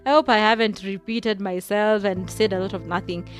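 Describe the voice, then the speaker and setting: A woman's voice: medium pitch, steady tone, moderate pace, faint music behind. A young woman with a Kenyan accent hosting her own podcast, talking in a chatty, effusive way and mixing English with Swahili. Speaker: podcast host. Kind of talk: casual solo podcast monologue.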